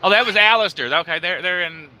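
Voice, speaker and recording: A man's voice: high voice, fast talker, sharp tone, a little hiss or hum. A man, co-hosting a casual live stream from a truck cab, teasing and playful. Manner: teasing, playful, admits he stutters less now. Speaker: trucker co-host.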